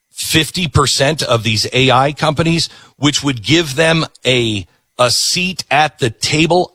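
A man's voice: fairly high pitch, sharp tone, no room sound, studio quality. A middle-aged man hosting a talk show, delivering an emphatic political monologue and repeating words for stress.

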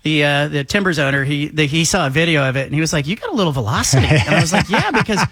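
High-voiced man telling an animated story. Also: rapid-fire, husky, dry recording, clean studio sound. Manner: animated, acts out quoted voices. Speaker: guest. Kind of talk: casual storytelling.

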